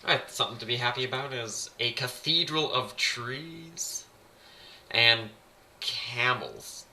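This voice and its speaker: A man's voice: medium pitch, slow pace, pushed and bright. A man giving casual vlog commentary in a chatty, wry, rambling way. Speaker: vlogger. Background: music playing.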